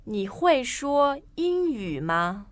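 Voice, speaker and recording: A woman co-hosting a language lesson, speaking phrases slowly and clearly for learners to repeat. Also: on the high side, big pitch swings, no echo. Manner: clear, deliberate repetition. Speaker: native-speaker co-host. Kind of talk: slow model pronunciation for learners.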